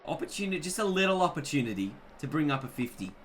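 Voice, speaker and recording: A man's voice: on the high side, very animated, fast talker, fairly bright tone, slight background noise. A young man giving chatty, self-mocking commentary on his own gameplay. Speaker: gaming YouTuber.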